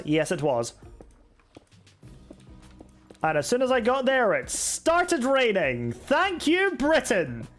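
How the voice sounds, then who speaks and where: A young Scottish man streaming a game, chatting casually and with self-mockery as he reads out viewer messages and answers them. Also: sits high. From Scotland. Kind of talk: casual live-stream chat while gaming. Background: faint background music.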